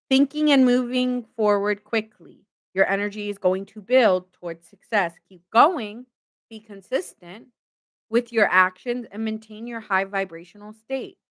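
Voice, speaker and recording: A woman giving a tarot reading on a live stream. Her voice sits at an ordinary middle pitch, and she talks in a loose, chatty way. She laughs easily and breaks off to greet viewers. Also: a bit bright.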